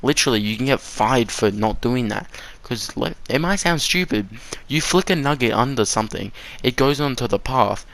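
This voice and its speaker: A man's voice: mid-range voice, expressive, moderate pace, vocal fry, a bit bright. A teenage boy telling a rambling, sweary story about his first work shift, laughing at his own slips. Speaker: vlogger. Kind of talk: casual story time.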